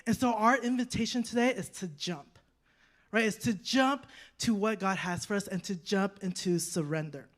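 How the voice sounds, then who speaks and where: Woman in her thirties, preaching, lively storytelling, acts out quoted voices, mid-pitched. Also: normal speed. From United States. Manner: animated storytelling, acting out quoted voices, rhetorical "right?". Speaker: guest preacher. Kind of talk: sermon with personal story.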